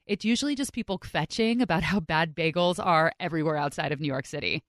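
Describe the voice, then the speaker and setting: A woman podcast host narrating in a chatty, expressive way. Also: low-pitched, fast talker, no room sound, clean studio sound. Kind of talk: scripted narration.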